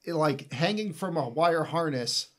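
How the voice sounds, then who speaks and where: A man talks through a film's plot on a casual podcast, slipping into the characters' lines as he goes. His voice is slightly husky and sits a bit high for a man. His pitch swings widely from line to line. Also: unhurried. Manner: animated storyteller, recaps scenes with quoted lines. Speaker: podcast co-host. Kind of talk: casual movie recap chat.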